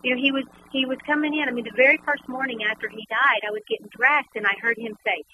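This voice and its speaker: A woman guest and author telling a personal story in conversation, animated and repeating words as she goes. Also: fairly high pitch, fast. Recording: noisy background.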